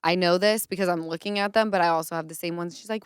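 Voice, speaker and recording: Woman host, thirties, casual chat, smooth clear voice, acts out quotes. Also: lowish voice, very fast, no echo, clean studio sound. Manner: animated storytelling with acted quotes. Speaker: podcast host.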